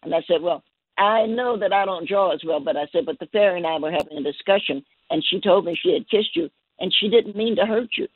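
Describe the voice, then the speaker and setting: A woman guest telling a gentle story on a call-in show, halting and repeating her words. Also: fairly low pitch, slightly rough, no room sound. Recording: dry tinny phone line.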